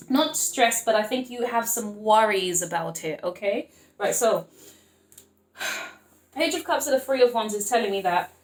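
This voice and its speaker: A woman's voice: mid-range voice, reverberant. A young woman doing a casual tarot reading to camera, gushing and emotional, and talking straight to her viewers. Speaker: tarot reader.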